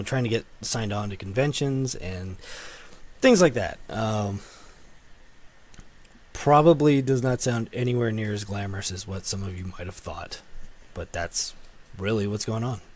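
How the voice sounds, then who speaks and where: A man's voice: mid-range voice, darkish tone. A man in his thirties, a comic writer, reading out fan questions and answering them in a loose, rambling way full of fillers and swearing. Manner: loose and profane, with many fillers and self-corrections. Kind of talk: casual solo Q and A to camera.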